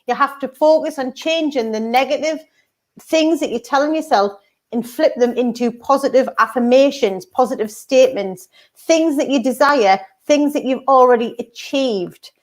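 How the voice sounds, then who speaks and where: Woman, earnest, affirming, slightly high voice, casual livestream chat. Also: normal speed. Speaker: co-host of a mindset livestream.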